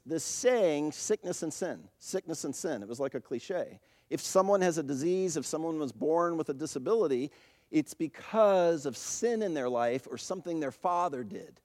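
Guy preaching, slightly high voice, lively and chatty, acts out quotes. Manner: animated, acts out quoted voices with rising pitch. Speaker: pastor. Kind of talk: sermon.

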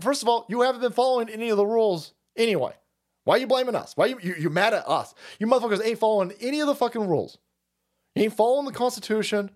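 A middle-aged man rants on a live stream, swearing often and getting angrier as he goes. His voice sits fairly high and swings widely in pitch, rising and falling as he talks. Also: lively intonation, quick pace. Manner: profane, ranting, angry. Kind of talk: political rant stream.

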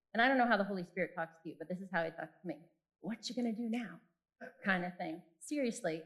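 A woman's voice: medium pitch, low-quality recording. A woman in her forties giving a personal faith talk, candid and self-deprecating as she tells stories from her own life. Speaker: speaker.

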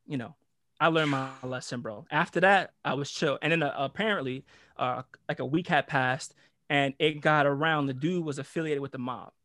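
A young man telling a story in casual podcast talk, slangy and animated, acting out what others said. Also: no echo, clean studio sound. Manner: animated, slangy, acts out quotes with shifting pitch. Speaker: storyteller guest.

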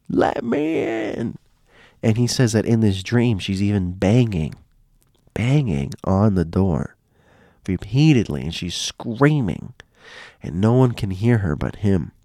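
A man's voice: fairly low pitch, mellow, no room sound, clean studio sound. A man telling stories in a loose, casual way, often repeating himself and restarting phrases. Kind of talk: casual spoken storytelling.

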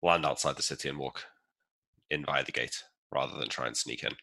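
A man's voice: very deep voice, steady tone, a little fast, gravelly, pushed and bright. A man who chats wryly as a player in a tabletop role-playing game. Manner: chatty, wry, swears. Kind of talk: casual tabletop play.

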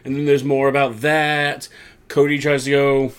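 A man's voice: mid-range voice, moderate pace, clear, resonant tone. Rambling man recapping wrestling, casual. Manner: rambling recap, acts out quotes in animated voices. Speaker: podcast co-host.

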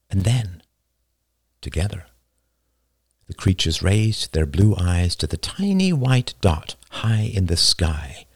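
A man narrating a novel as an audiobook, slow, deliberate and dramatic. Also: sits low, vocal fry, no room sound, clean studio sound.

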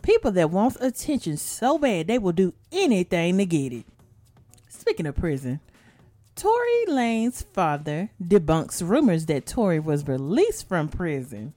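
Sassy, animated woman gossiping. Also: fairly low pitch, a little slow, dry recording. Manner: sassy, profane, animated gossip with loud laughs. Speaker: podcast host. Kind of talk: casual celebrity news chat.

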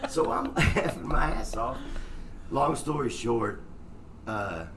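A man's voice: mid-range voice, big pitch swings, slow pace. A middle-aged man telling a profane story in casual chat, laughing through his own punchlines. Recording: noisy room, mic at a distance.

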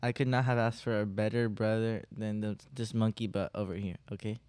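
A man's voice: on the low side, flat delivery, fairly quick, darkish tone, clear, resonant tone. A fourteen-year-old boy co-hosting a casual chat with his older brother, playful and earnest as he roasts and praises him. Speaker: co-host.

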